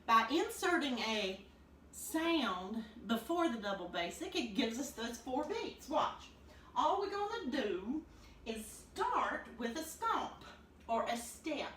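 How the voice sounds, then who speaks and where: A woman's voice: a little high, very animated, slow pace, fairly bright tone, far from the mic. A woman teaching a clogging lesson, upbeat and chatty, counting the beats aloud as she demonstrates. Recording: roomy, from off the mic, noisy.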